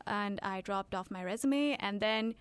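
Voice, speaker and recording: Indian-accented woman, smooth and lively. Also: medium pitch, dry recording. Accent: Indian English. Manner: animated, laughs easily, halting restarts. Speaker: radio guest. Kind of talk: conversational radio interview.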